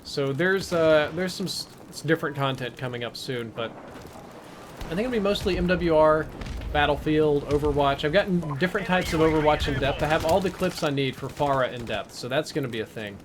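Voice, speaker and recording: A man's voice: fairly high pitch, fairly quick, noisy background. Chatty male gamer over gunfire. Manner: chatty, answers chat between plays. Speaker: live-stream gamer. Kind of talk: casual live-stream commentary. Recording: game gunfire under the voice.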